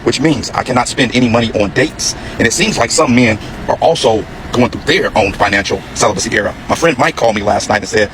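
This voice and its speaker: Fast-talking man telling a comic anecdote. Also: medium pitch, noisy background. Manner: animated, jokey storytelling. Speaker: storyteller.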